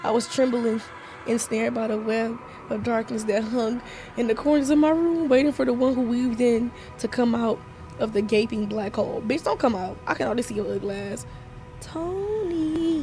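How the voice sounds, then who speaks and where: A woman playing a horror game, reading its text aloud in a hushed voice and breaking off into loud, profane reactions. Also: a little high. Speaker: gaming streamer.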